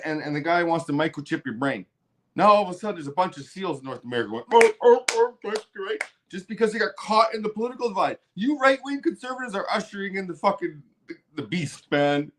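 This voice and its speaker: A man's voice: sits high, fairly bright tone. A man hosting a podcast, ranting heatedly with constant swearing and repeated words. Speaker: podcast host. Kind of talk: profane political rant.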